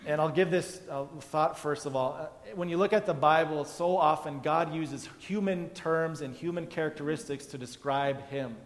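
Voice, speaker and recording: A man's voice: on the high side, normal speed, hardly any pauses, big-room sound. A male pastor preaching a conversational sermon, acting out the biblical characters' dialogue as he explains the passage.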